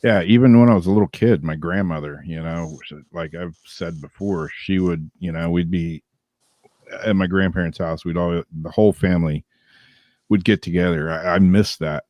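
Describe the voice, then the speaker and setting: A man's voice: deep voice, fairly even intonation, moderate pace, a little mellow, no echo, studio quality. A man, co-host of a casual chat show, telling rambling stories with many fillers and laughs.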